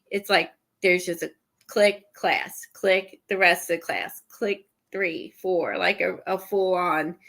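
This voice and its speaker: A guest showing art supplies on a livestream chats casually in a mid-range, slightly bright voice. She sounds a little out of breath and stuffy, rambling with halting fillers and restarts.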